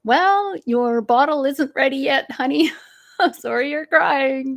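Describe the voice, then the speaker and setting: A middle-aged woman speaking as a stress management coach in a live advice talk, gentle and unhurried with easy laughs. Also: medium pitch, vocal fry.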